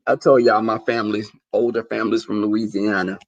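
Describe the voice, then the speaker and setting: Young adult man, livestream host, gravelly voice, dry close sound, profane storyteller. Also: lowish voice, a little fast, no echo, muffled recording. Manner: profane, animated storytelling, talks to viewers as y'all. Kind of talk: casual chat to viewers.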